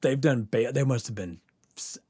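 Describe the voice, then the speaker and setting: A man's voice: medium pitch, normal speed, slightly rough, no echo, studio quality. A man hosting a podcast, telling a story casually with lots of laughter and acted-out quotes. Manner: animated, laughing often, acts out quotes. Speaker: podcast host.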